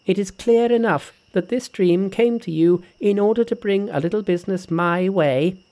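A man's voice: high voice, moderate pace, mellow, voice pushed up. A man reading an audiobook who voices a boastful, cocky male monkey hero in a brash, confident manner. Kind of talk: audiobook character voice.

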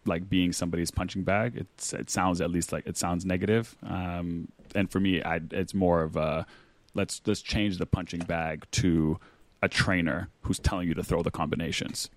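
A man with a low voice co-hosts a casual podcast and talks with energy, acting out the examples he uses. The recording is dry and close to the mic. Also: normal speed, dry recording. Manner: animated explainer, acts out examples. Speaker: podcast co-host.

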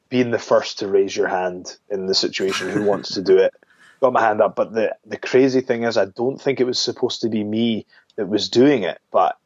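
Low-voiced man, dull lo-fi sound. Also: husky, no echo. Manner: relaxed, rambling with many restarts. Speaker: interview guest, wrestler. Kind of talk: casual phone interview.

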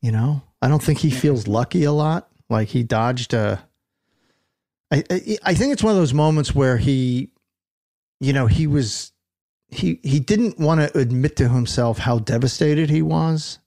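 A man's voice: medium pitch, unhurried, mellow, dry recording. A middle-aged man chatting casually as a podcast guest, with dry, self-deprecating humor. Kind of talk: casual chat.

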